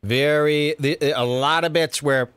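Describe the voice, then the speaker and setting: A man's voice: fairly high pitch, fairly even intonation, measured pace, a bit bright, smooth, dry recording. A man hosting a podcast, giving sarcastic, mocking commentary on comedy clips. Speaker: podcast host reviewing clips. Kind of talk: casual commentary.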